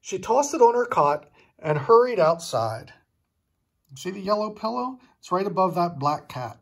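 An older man, a grandfather reading a children's picture book aloud in an expressive way, pointing out the pictures. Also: high-pitched, normal speed, gravelly, husky.

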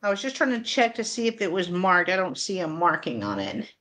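A woman's voice: on the low side, sing-song, fairly quick, fairly bright tone. A woman hosting a live online sale, chatting casually and counting down bids in an upbeat way. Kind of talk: live selling chat.

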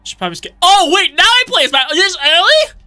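A man talks through his gameplay with jokes and excitable running commentary. His voice is very bright and sharp, and he often bursts into shouts. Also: very high-pitched, brisk. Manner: jokey, excitable, shouts reactions. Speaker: let's play host.

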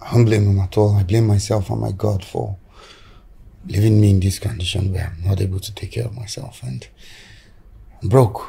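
A gravelly, humble Nigerian husband. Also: male voice, fairly low pitch, steady tone, normal speed, heavily acted. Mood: apologetic. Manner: soft-spoken, apologetic. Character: broke young husband, humble and apologetic. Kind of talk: film drama acting.

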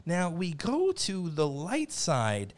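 A man's voice: on the high side, wildly swooping pitch, takes it slowly, a little hiss or hum. A man hosting a trivia game in a playful mock-formal announcer manner. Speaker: trivia game show host.

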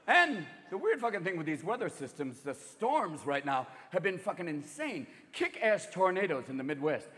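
A man in his fifties doing stand-up comedy, rapid and profane, jumping between voices. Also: on the high side, very animated, long reverb tail. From United States. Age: 50s. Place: large theater stage. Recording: live theater show with crowd noise.

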